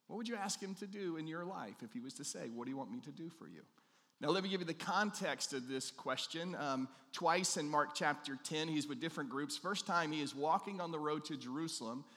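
A male pastor delivers a storytelling sermon in a slightly high voice, acting out the quoted voices and letting his voice fall quiet and intimate on the central questions. His words carry a long reverb from a church hall. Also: lively intonation, brisk. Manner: storytelling, acts out quoted lines, intimate drop in voice on key questions.

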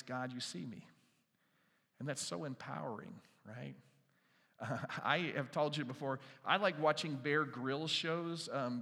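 Man preaching in a reverberant hall. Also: medium pitch. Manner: conversational, warm storytelling with quiet drops for emphasis. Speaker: pastor. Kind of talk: sermon.

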